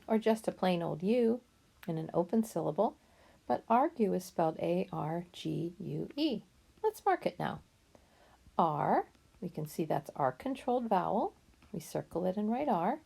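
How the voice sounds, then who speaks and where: Slow, gravelly-voiced woman teaching phonics. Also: on the low side, dark tone. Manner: slow, patient, spelling words letter by letter; encouraging. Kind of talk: phonics lesson for children.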